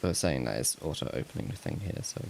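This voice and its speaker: A man's voice: extremely low pitch, expressive, a little fast, gravelly, darkish tone, a little hiss or hum. A man live-streaming casually, rambling to himself as he fixes tech problems and laughing at himself. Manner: rambling, talks to himself while fixing tech; laughs at himself, self-mocking.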